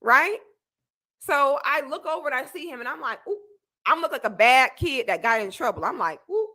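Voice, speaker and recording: A young woman streamer telling a story as she reacts to a clip, expressive and laughing as she acts out what people said. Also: sits high, fairly quick. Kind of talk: animated storytelling commentary.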